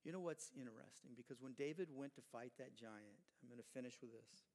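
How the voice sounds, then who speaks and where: A middle-aged male preacher telling a story in an animated, conversational sermon with asides to his listeners. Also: mid-range voice, brisk, creaky.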